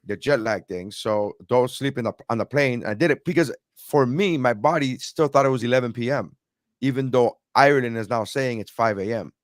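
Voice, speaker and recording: A podcast co-host, an immigrant to America, tells a long, rambling travel story in casual chat, restarting often. His medium-pitched voice moves at a moderate pace in a dry, studio-quality recording.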